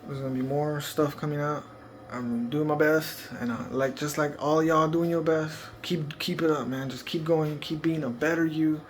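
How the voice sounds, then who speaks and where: A man's voice: on the high side, steady tone, moderate pace, a little hiss or hum. A man giving casual, profanity-heavy parenting advice in a rambling, laid-back vlog monologue. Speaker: parenting vlogger.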